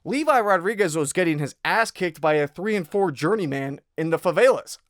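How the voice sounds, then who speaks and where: A man's voice: sits high, expressive, a little fast, fairly bright tone, dry recording. Blunt profane young man breaking down fights. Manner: blunt, profane, rambling with restarts. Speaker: MMA betting analyst host.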